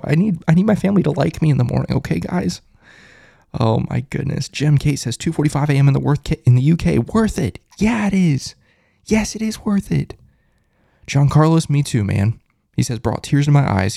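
An excited man hosts a live postgame stream and reads chat comments aloud in a gravelly, low-toned voice. The sound is dry and close. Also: no room sound. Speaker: host of a fan postgame show.

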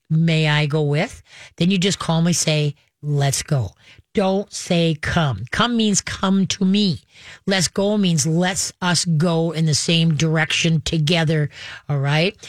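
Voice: medium pitch, dry recording, studio quality. A radio host and dog trainer giving step-by-step call-in advice in a chatty way, acting out dog and owner voices.

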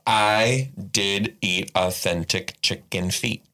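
A man co-hosting a podcast, breaking in with blunt, teasing questions. His voice sits low. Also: slow, sharp tone. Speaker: podcast co-host. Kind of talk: casual podcast banter.

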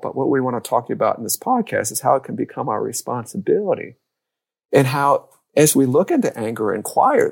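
This man speaks with a gravelly, creaky edge on a podcast. He tells stories in a lively way and slips into quoted voices. His pitch sits in the middle range. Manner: lively storyteller who acts out quoted lines. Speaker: youth and family coach. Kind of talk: podcast conversation.

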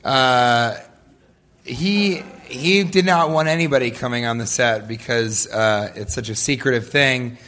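A man's voice: mid-range voice, unhurried, fairly bright tone. A man answering audience questions in a loose, joking way, often laughing as he tells stories. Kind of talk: live audience Q&A storytelling.

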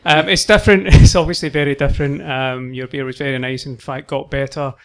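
A man, a guest, slowly musing on a beer's taste in casual chat. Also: mid-range voice, steady tone, a bit bright. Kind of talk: casual beer tasting.

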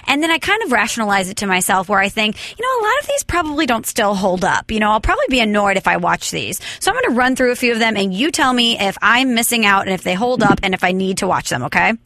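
A woman's voice: medium pitch, sing-song, fast talker, few pauses, pushed and bright. A woman hosting a podcast, chatting playfully and teasing her guest about movies. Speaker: podcast host. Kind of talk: casual podcast chat.

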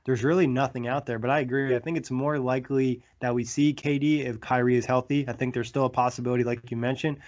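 A man's voice: medium pitch, quick pace, hardly any pauses, highs cut off. Laid-back male sports podcast host. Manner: relaxed, many fillers like "like". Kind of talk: casual sports podcast chat and read ads.

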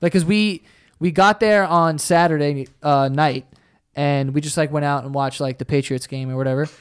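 A man chatting casually, excitable and swearing, often acting out what others said. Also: a little high, normal speed, clear, resonant tone. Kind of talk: casual chat.

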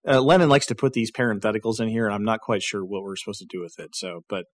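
A man co-hosting a podcast in casual banter, joking and laughing often, with big jumps in pitch for comic bits. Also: fast. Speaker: podcast co-host.

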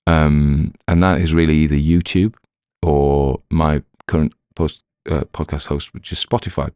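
A podcast narrator from Northern England, with a Northern English accent, talks casually and self-deprecatingly to his listeners, rambling with many fillers and restarts. His extremely low voice is unhurried, fairly even, a little mellow, clear and resonant, recorded in a clean studio with no room sound.

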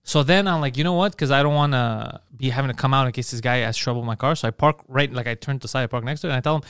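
A man's voice: mid-range voice, rapid-fire, few pauses, fairly bright tone, smooth, no echo, clean studio sound. A man hosting a podcast, telling profane anecdotes in casual chat and acting out the dialogue. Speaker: podcast host.

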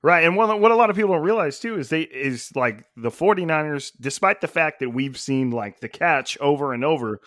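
A man's voice: a little high, animated, brisk, few pauses, fairly bright tone, no room sound. Man, podcast host, casual sports chat, laid-back, dry close sound. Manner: laid-back, loose, filler-heavy.

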